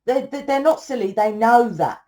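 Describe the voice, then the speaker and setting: Lady tarot reader ranting away, swears a lot, keeps going "right?", mellow warm voice. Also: fairly high pitch, expressive, moderate pace. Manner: blunt and profane, rambling, tags sentences with "right?". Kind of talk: casual spiritual monologue.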